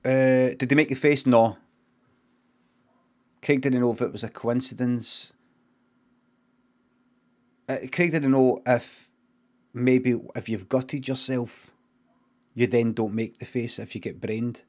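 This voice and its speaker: Scottish man, middle-aged, improvised comic story, deadpan, sweary, rambling tangents. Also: mid-range voice, slow, pauses often. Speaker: streamer.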